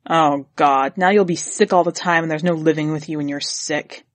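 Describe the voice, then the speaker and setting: A woman voicing a grumbling, contemptuous middle-aged husband in a read-aloud story, lowering her voice and speaking with gloomy scorn. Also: fairly even intonation, moderate pace, no room sound, close to an everyday voice. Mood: scornful.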